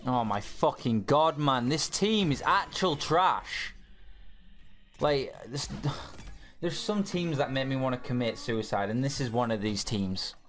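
A man's voice: mid-range voice, unhurried, slight background noise. A young man giving live gameplay commentary, swearing and ranting at his teammates in frustration. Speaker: gamer.

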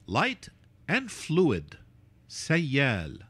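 A man teaching how to write and say words in a relaxed, playful way, with joking asides about his own mistakes. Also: slow pace, pauses often, no echo. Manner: playful, self-mocking, lively pitch. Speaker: Arabic calligraphy teacher.

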